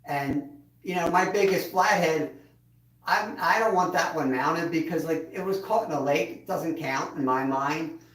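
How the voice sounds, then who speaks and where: A relaxed man with a twang chats casually on his livestream, his fairly high voice sitting back from the mic. The sound bounces around an echoey room, and he chuckles as he answers his viewers. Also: a little slow, recorded from a distance. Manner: laid-back, chuckles, reads chat aloud. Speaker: livestream host.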